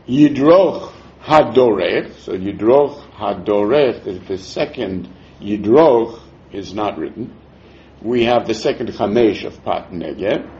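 A man teaching a Talmud class, explaining verses in a lively way with frequent chuckles, on a dull lo-fi recording. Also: low-pitched, a little hiss or hum.

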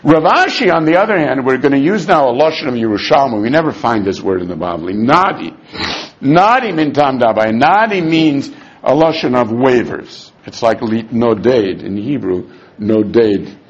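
A man teaching a Talmud lesson in an argumentative, animated way, dropping in Aramaic terms and restarting his sentences. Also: medium pitch, moderate pace, slightly rough. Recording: dull lo-fi recording.

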